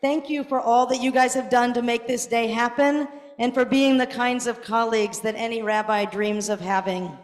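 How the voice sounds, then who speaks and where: A woman's voice: fairly high pitch, steady tone, normal speed, hardly any pauses. A middle-aged woman rabbi giving a gala tribute speech, earnest with touches of self-deprecating humor. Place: large banquet hall. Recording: echoey hall with crowd murmur. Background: faint crowd noise.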